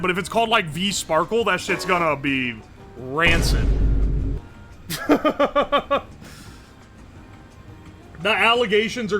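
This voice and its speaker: A man's voice: high voice, sharp tone. A man streaming live, reading his chat aloud and reacting in a joking, profane way. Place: home streaming setup.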